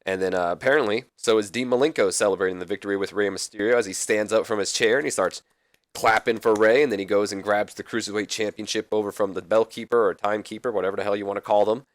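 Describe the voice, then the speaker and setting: Casual gaming host, man, low voice, dry close mic, rambling recap. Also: fairly even intonation, fast, no echo. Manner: rambling, casual, mildly profane. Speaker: let's play host. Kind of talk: casual game commentary.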